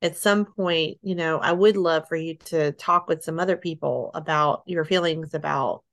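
A middle-aged woman being interviewed, telling her story haltingly, with restarts, soft laughs and sighs. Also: low-pitched, fairly even intonation. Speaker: interview guest.

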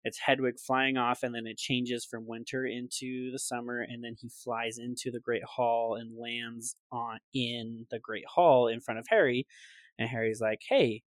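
A man co-hosting a casual podcast chat, eagerly retelling a film scene and slipping into quick voices for the quotes. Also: mid-range voice, no echo. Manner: animated storyteller, puts on quick voices for quotes. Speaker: podcast co-host.

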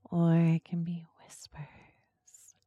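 A woman hosting a podcast in a soft, breathy, slow and seductive ASMR-style voice. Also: lowish voice, completely flat delivery, no echo. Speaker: podcast host.

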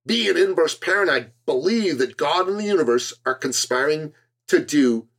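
A man's voice: fairly high pitch, animated, moderate pace, a bit bright. Earnest man giving a motivational monologue. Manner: earnest and emphatic, with a preacher-like build. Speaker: podcast host.

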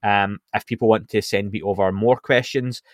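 A man with a lowish voice hosts a podcast at a moderate pace, casually running through show updates with lots of ums and restarts. He sounds relaxed and chatty, and the recording is clean studio sound with no echo.

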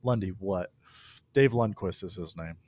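Laughing young man telling pitching stories. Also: unhurried, a little mellow, husky, no echo, highs cut off. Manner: laughs through his stories, rambling restarts. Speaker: guest, professional pitcher. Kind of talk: casual storytelling interview.

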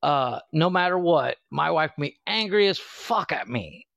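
Casting: male co-host with a fairly high voice, crude and giggly, recorded close and dry. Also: animated, measured pace, vocal fry, a bit bright, no room sound. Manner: giggly, joking, crude storyteller. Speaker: podcast co-host. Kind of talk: casual chat.

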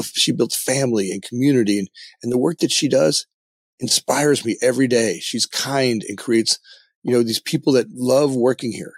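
A man's voice: mid-range voice, husky, dry recording. A middle-aged man talking candidly as a company founder in a podcast interview, often tagging his points with "right?".

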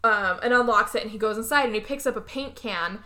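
Bright animated woman recapping a movie. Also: a little high, a little fast. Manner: animated, acts out characters' lines. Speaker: podcast co-host recapping a movie.

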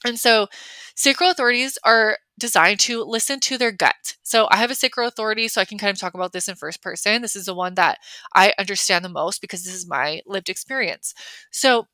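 A young woman hosts a podcast solo, talking casually and chattily with lots of fillers and acting out her own reactions. Her medium-pitched voice is a little fast with a sharp tone, and there's no room sound.

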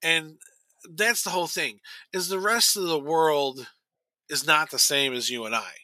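A man in his forties talks loosely on a podcast, with a very bright, edgy tone that sits a little high for a man. He rambles along, full of fillers and restarts. The sound is dry and close. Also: unhurried, no room sound. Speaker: podcast co-host. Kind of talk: casual chat.

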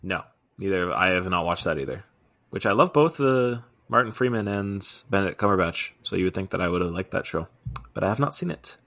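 A young man co-hosting a podcast, chatting in an easygoing way with quick asides. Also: low-pitched, lively intonation, vocal fry, a bit bright. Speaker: podcast co-host. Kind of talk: casual chat.

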